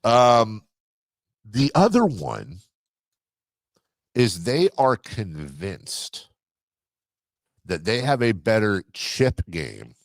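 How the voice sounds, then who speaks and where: Low-voiced radio guy, really lively, bouncy delivery, dry studio sound. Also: no room sound. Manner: animated, quick to jump in, emphatic. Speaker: sports radio co-host. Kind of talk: casual studio banter.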